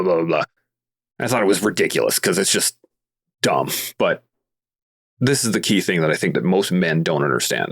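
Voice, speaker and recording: A Canadian veteran advocate, guesting on a casual podcast, speaks earnestly and leans on everyday analogies to make his points. His voice sits low and creaky, a bit bright with a breathy edge.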